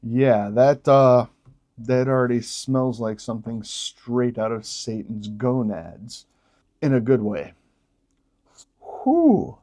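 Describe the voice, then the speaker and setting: Slow-talking, mellow-voiced man. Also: medium pitch. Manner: relaxed, jokey, exclaims while tasting. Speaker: beer vlogger. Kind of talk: casual tasting vlog.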